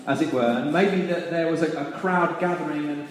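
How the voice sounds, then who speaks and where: Preacher in an echoing hall. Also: male voice, on the high side, a little hiss or hum. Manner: measured reading, then reflective preaching with restarts. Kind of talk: sermon with scripture reading. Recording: echoey hall reverb.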